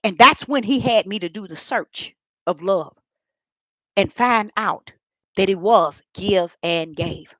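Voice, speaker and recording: A woman's voice: medium pitch, takes it slowly, sharp tone, no room sound. An older woman telling a heartfelt spiritual testimony, repeating herself and speaking straight to her viewers. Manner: repetitive, heartfelt storytelling that addresses viewers directly. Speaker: vlogger sharing a personal faith testimony.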